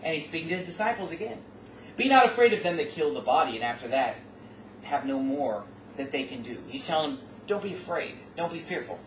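A man's voice: on the high side, expressive, a little fast. A middle-aged man preaching a sermon, exhorting his listeners with rhetorical questions and folksy asides that rise to emphatic peaks. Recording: roomy, distant mic, faint room noise.

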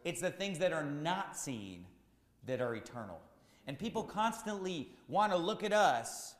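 A man preaching a sermon as pastor, repeating his points with rising, shouted emphasis. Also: a little high, lively intonation, measured pace, roomy sound, in a large hall.

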